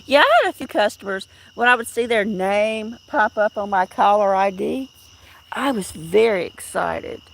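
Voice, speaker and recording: Chatty woman with a bright, gravelly voice. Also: medium pitch, animated, moderate pace, slight background noise. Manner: chatty, rambling, greets viewers by name. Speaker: livestream host. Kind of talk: casual live stream chat outdoors.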